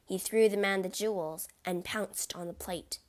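A woman's voice: medium pitch, steady tone, moderate pace. A woman reading a classic adventure story aloud as narrator, with a dramatic delivery.

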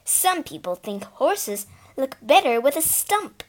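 A woman's voice: high voice, sing-song, takes it slowly, exaggerated voice. A woman voicing a bitter, hurt young mare in a storybook, speaking in a sullen, resentful way. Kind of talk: storybook reading.

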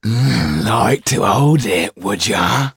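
A man voicing a brutish one-eyed male street thug, slow and mocking, in an audiobook. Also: on the low side, animated, gravelly, fairly bright tone, husky, dry recording, clean studio sound, voice pushed up, heavily acted. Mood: menacing.

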